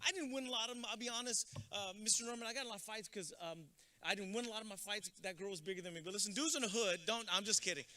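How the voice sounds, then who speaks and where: Male motivational speaker, bright, piercing tone, energetic comic storyteller. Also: sits high, rapid-fire. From Texas. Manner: energetic storytelling, mixes in Spanish words. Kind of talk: comedic commencement speech. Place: outdoor graduation ceremony with stands.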